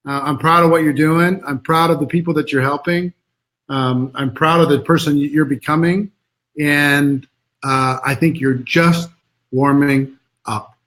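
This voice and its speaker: A middle-aged American man giving an encouraging talk over a video call, his voice pitched a little high. He speaks in an earnest, warm-hearted way and often repeats words as he searches for the next phrase. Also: steady tone, unhurried. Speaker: interview guest. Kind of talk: motivational talk on a live stream.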